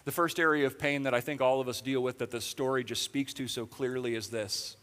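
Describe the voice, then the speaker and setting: A man's voice: mid-range voice, fairly even intonation, brisk, few pauses, fairly bright tone. A man preaching a sermon in a conversational way, with sarcastic asides, in a church auditorium. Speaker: pastor. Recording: long reverb of a large hall.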